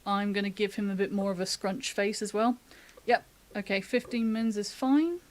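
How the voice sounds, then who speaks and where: A woman's voice: mid-range voice, fairly even intonation, normal speed, a little mellow. A woman giving a casual live-streamed drawing tutorial, chatty and thinking aloud as she sketches, laughing often, from the UK. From United Kingdom. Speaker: artist giving a drawing demo.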